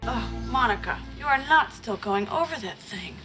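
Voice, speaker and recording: A woman's voice: a little high, lively intonation, moderate pace, sharp tone, soft background music, rough recording. An actress playing a breezy, teasing young woman in a sitcom, with a sing-song way of talking. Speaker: sitcom character. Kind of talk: sitcom acting.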